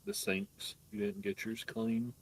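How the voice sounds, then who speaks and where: A man's voice: lowish voice, sing-song, measured pace, creaky, slightly rough. A man playing a game with a friend on a stream, explaining the game and teasing his co-player in a dry way. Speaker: guest co-player. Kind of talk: casual gameplay chat.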